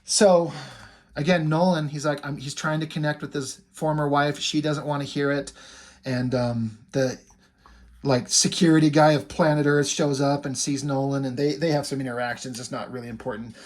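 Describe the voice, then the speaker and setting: Chatty man recapping comics, higher pitch. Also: fairly even intonation, moderate pace. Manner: chatty, retells scenes with "he's like" quotes. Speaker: comic book reviewer. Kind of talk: casual comic plot recap.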